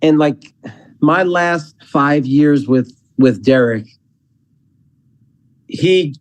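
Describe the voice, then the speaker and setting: A man who works as an athletic director, a guest on a casual podcast, talking in halting runs and repeating words as he thinks. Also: a little high, darkish tone, low-quality recording.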